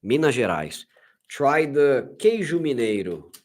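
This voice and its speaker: A man's voice: medium pitch, sing-song, a little slow, a little mellow. A middle-aged man from Brazil with a Brazilian Portuguese accent, chatting casually and enthusiastically on a livestream, often restarting his sentences. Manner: enthusiastic, gushing, frequent restarts. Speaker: livestream host.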